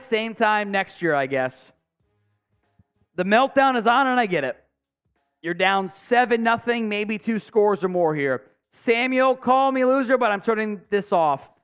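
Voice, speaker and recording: A man's voice: high-pitched, fairly bright tone, clear, resonant tone. A man hosting a live fan stream, calling plays and venting frustration at his team while reading viewer messages, swearing often. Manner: frustrated, swearing, reads chat aloud. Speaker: sports stream host. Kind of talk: live play-by-play and fan commentary.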